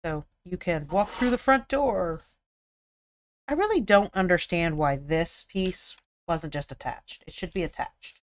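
Smooth-voiced chatty American woman streamer. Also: lowish voice, animated, a little slow. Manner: chatty, laughs easily, thinks aloud. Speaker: miniature painting stream host. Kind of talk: casual live-stream chat.

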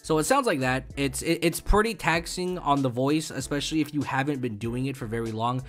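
A man's voice: medium pitch, a little fast, a bit bright. A man in his twenties hosting a casual gaming tutorial, rambling and profane, with frequent stumbles and fillers. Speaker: YouTube gaming host.

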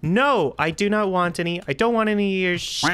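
A woman streamer talking through a horror game, chatty and jumpy, with nervous outbursts and a slightly rough throat. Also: medium pitch, fairly quick, fairly bright tone. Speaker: gaming streamer.

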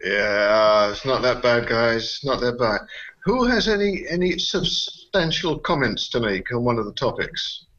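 A man's voice: mid-range voice, lively intonation, measured pace, fairly bright tone, highs cut off. A man moderating a panel discussion at a conference, hesitant and repeating words as he searches for phrasing.

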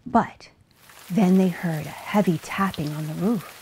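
A woman reading a children's picture book aloud with an expressive, animated delivery. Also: mid-range voice, slow, slightly rough. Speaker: storybook reader. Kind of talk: children's story read-aloud.

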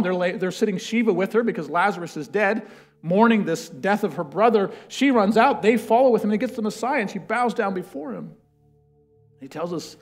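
Preaching and reading from scripture, this man has a high, creaky voice that moves from booming proclamations to quiet, softened phrases.

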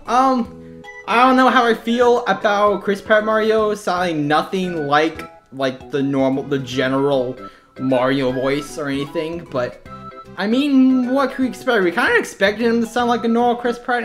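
A woman voicing Mario, an adult male plumber hero, chatting and teasing in a fan reaction skit. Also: mid-range voice. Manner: chatty, upbeat, excited.

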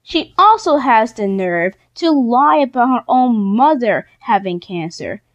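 A woman's voice: on the high side, animated, muffled recording. Exasperated young woman ranting. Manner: indignant, exasperated, quick-talking. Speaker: YouTuber. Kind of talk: casual rant vlog.

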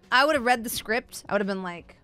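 Woman streamer, bright edgy voice, rambling profane sarcastic rant, casual commentary, faint music underneath. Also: on the high side. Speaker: streamer host.

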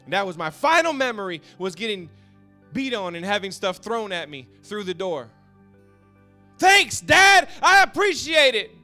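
Male pastor with a high, bright voice, emotional testimony that swings from hush to shout, faint music under him. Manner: swings from hushed storytelling to shouted passion; halting, repeats words when moved. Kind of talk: emotional personal testimony sermon.

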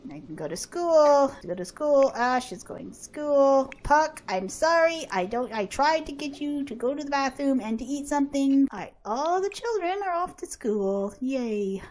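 A woman's voice: sits high, moderate pace, few pauses. A woman giving playful gameplay commentary, talking to her game characters and often laughing. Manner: animated, laughing, talks to the characters. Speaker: author playing a life-sim game.

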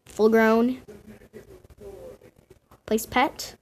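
A woman giving casual game commentary to her viewers in an excitable way, often squealing and gasping. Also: a little high, very slow, a little hiss or hum. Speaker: gaming video host.

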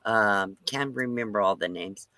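A man's voice: on the low side, a little slow, sharp tone, no echo. An older man hosting a livestream, telling a rambling story casually and chuckling often between lines. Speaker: livestream host.

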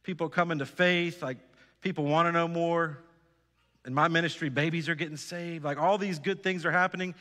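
A man's voice: fairly high pitch, steady tone, moderate pace, sharp tone. A pastor preaching a sermon, earnest and exhorting, putting direct questions to his congregation. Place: church sanctuary. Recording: church hall reverb.

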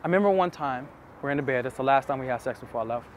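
A man's voice: mid-range voice, lively intonation, rapid-fire, slight background noise. A man coaching on dating, telling stories to camera in an earnest, intimate way, repeating phrases for emphasis. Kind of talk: casual storytelling to camera.

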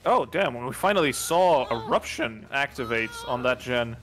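A man giving enthusiastic color commentary on a competitive video game, with quick exclamations. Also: medium pitch, expressive, fairly bright tone. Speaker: esports co-caster.

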